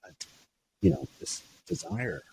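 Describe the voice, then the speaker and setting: A man's voice: unhurried, warm tone, a little hiss or hum. A man who is a minister, talking in a reflective interview, hesitant and thoughtful, with frequent restarts and fillers.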